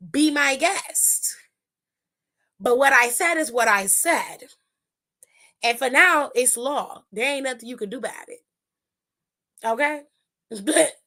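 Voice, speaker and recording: A woman hosting a wrestling recap show, telling it in a blunt, sassy and profane casual chat, often acting out what people said. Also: high voice. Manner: animated, acts out the wrestlers' lines.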